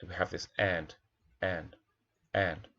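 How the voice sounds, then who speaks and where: Low gravelly male teacher, lo-fi. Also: steady tone, takes it slowly, a bit bright. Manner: thoughtful, admiring, asks himself questions aloud. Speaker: primary school teacher. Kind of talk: picture book analysis, talking through pages.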